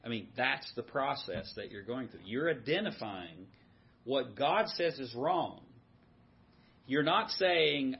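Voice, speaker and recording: A man teaches a men's Bible study, his voice slightly husky. He asks the group questions and repeats back their answers. The recording sounds somewhat dull. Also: medium pitch, lively intonation, unhurried. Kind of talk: interactive teaching.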